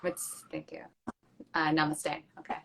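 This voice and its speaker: A woman's voice: low-pitched, completely flat delivery, a little slow, gravelly, noisy background. A woman hosting a live-streamed chat, bubbly and effusive, talking casually with her guest. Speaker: host. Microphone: phone or computer mic on a social media live.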